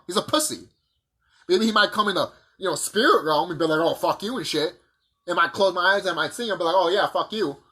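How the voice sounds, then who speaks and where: Husky guy ranting and cussing into his cam, kinda high, keeps asking what does that tell you. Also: sharp tone. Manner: profane, combative, rhetorical questions. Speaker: vlogger. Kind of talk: ranting monologue to camera.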